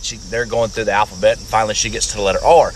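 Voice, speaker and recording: A man's voice: on the low side, fairly even intonation, rapid-fire, a little hiss or hum. A man telling a crude classroom joke in a casual, rambling way, swearing freely. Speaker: joke teller.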